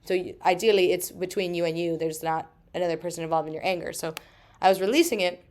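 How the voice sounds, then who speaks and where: A woman in her thirties hosting a solo podcast, talking emphatically with frequent swearing and quick asides. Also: fairly low pitch, fairly even intonation, darkish tone. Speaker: podcast host.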